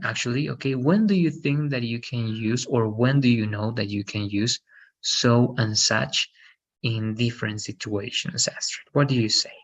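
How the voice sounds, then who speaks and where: Patient slow-talking male English teacher. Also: mid-range voice, creaky, slightly rough, muffled recording. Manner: patient, repeats "right?" often. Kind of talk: online English lesson.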